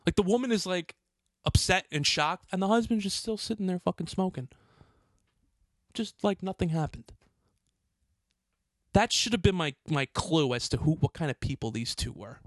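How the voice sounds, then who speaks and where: A man's voice: a little high, a bit bright, dry recording, clean studio sound. A man who works as a hotel doorman tells a story on a podcast, agitated and swearing, often restarting his sentences. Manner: profane, heated, agitated retelling with many restarts. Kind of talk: casual storytelling.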